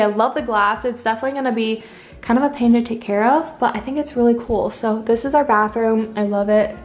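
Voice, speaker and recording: A woman's voice: fairly high pitch, darkish tone. Chatty young woman touring an empty apartment. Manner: chatty, uses "like" often, upbeat. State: a bit out of breath. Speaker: vlogger. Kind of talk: casual home tour vlog. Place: empty apartment with bare rooms, indoors.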